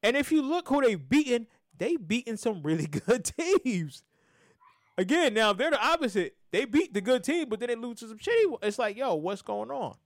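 A man hosting a podcast, talking sports casually, animated, swinging between loud and soft and often restarting his sentences. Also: very high voice, moderate pace, dry recording, studio quality. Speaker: podcast host.

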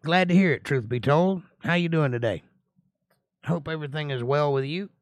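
A man's voice: on the high side, normal speed, no room sound. Folksy man teaching a casual Bible study. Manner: folksy, chatty, greets viewers by name; reads scripture aloud and comments on it.

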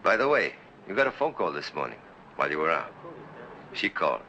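A gravelly, weary father. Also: very deep voice, fairly quick, highs cut off, a little hiss or hum, heavily acted. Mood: offhand. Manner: flat, offhand and practical. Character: weary, matter-of-fact father of a teenage son. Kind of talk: 1960s film drama acting.

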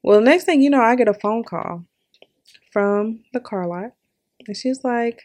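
A young woman hosting a podcast, telling a personal story in a candid, animated way with lots of laughs and filler words. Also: fairly high pitch, measured pace. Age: young adult. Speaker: podcast host.

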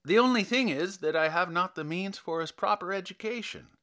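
A man's voice: sits high, fairly quick, fairly bright tone, pitched above the performer's own voice. A man voicing a courteous, long-winded police officer who explains at length. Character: polite, rambling middle-aged male police officer.

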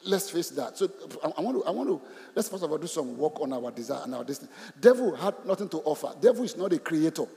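Animated preacher in a reverberant hall. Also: male voice, a little high, fast talker, vocal fry. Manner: animated, repeats phrases, asks the congregation questions, laughs often. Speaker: pastor. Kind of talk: sermon. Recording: long reverb of a large hall.

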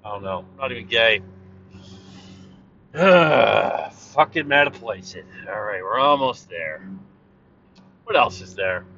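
A man from Canada, loud and profane, rambling through a casual monologue while driving. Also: lowish voice, expressive, takes it slowly, gravelly, long pauses. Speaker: vlogger. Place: driving in a car. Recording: dull lo-fi sound, car noise.

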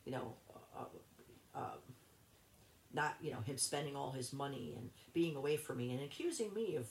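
A woman, a guest in an interview, telling a personal story in a rambling, halting way with many restarts. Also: a bass voice, animated, roomy sound, slight background noise.

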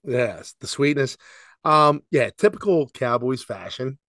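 A man's voice: medium pitch, a little slow, no room sound, clean studio sound. A man co-hosting a casual sports podcast, ranting with plenty of swearing. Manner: animated, profane sports ranting. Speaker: podcast co-host. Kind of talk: casual chat.

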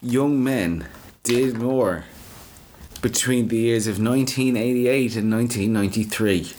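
A man's voice: mid-range voice, measured pace, a little mellow. A man co-hosting a podcast in casual, joking chat, playfully mock-grandiose. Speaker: podcast co-host.

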